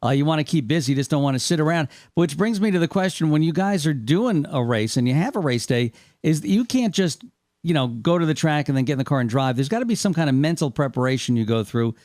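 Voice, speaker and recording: Fast-talking radio host, dry sound. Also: male voice, on the high side, expressive, darkish tone, no room sound. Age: older. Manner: talkative, leading long questions. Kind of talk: radio interview.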